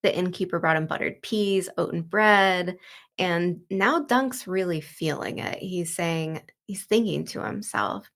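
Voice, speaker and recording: A woman with a lowish, slightly bright voice speaks unhurriedly as she hosts a walkthrough of a book. She retells the story casually and loosely, full of "like" and "you know."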